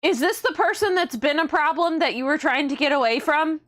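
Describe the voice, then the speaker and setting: A woman co-hosting a casual livestream, chatting with a lively, teasing, mock-scolding manner. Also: high voice, a little fast. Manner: animated, playful mock-scolding. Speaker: stream co-host.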